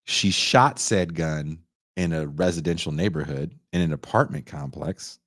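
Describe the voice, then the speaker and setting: A man in his forties casually reviewing a film, profane and animated, acting out the characters' lines. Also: rumbling low, measured pace, dry recording, clean studio sound. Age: 40s. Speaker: podcast host reviewing a film.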